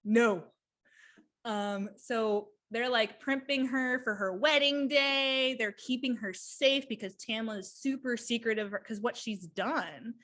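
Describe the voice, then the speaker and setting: Excited, rambling woman chatting books. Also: a little high. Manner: excited, rambling, quick bursts. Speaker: podcast co-host. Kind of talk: casual book chat.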